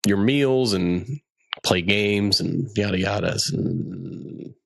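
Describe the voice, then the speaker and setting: A man's voice: on the low side, slow, creaky, no echo. A young man co-hosting a podcast in casual chat, laid-back and rambling, sometimes dropping into silly voices. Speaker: podcast co-host.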